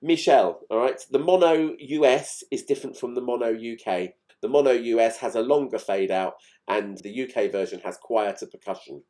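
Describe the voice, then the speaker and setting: A man's voice: medium pitch, moderate pace, hardly any pauses, warm tone. A man chatting through fine recording details of old songs in a casual, enthused, explanatory way. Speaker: music channel host.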